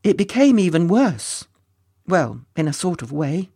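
A children's storyteller reading aloud in a mid-range, gravelly voice. The reading is playful, with chatty asides that tease and address the young listeners directly. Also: mid-range voice, sing-song, measured pace, mellow. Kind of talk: storybook narration.

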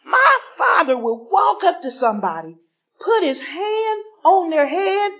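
A very high-pitched woman shares her story at a recovery workshop before a live audience, unhurried in her delivery. She animatedly acts out the voices of the people in her story, and the audio is a dull lo-fi recording.

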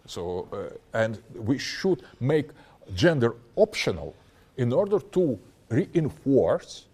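A man in an interview, speaking in a mellow, warm tone that rises and falls widely as he builds his argument step by step. He halts often to search for words and restarts phrases, with a lecturing manner. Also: medium pitch. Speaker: interview guest. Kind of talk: interview, extended explanation.

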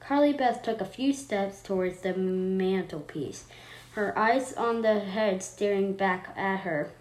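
A woman reading a horror story aloud, unpolished, stopping to correct herself. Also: medium pitch. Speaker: story reader. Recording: roomy echo, faint noise.

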